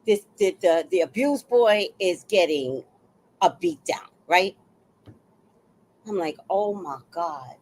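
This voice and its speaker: A woman's voice: mid-range voice, animated, slow, long pauses, a little mellow. A woman telling a neighborhood story in a casual vlog, blunt and profane, acting out the people she describes. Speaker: vlogger.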